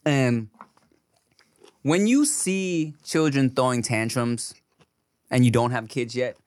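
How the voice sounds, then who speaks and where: A man's voice: mid-range voice, slow pace, darkish tone, smooth, dry recording. A man in his thirties, a podcast co-host, telling a story in casual, profane chat and laughing often. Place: podcast studio.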